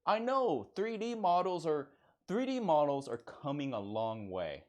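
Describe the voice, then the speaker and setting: A man's voice: on the high side, lively intonation, measured pace. A man putting on a brash, hot-blooded Southern American persona with a Southern US accent, boastful and folksy. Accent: Southern US (put on).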